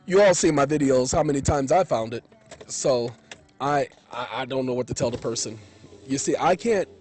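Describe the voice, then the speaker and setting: A man's voice: a little high, darkish tone. A man vlogging from his car, telling a rambling story in an indignant, boastful way. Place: in his car, parked in a driveway. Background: car radio song playing.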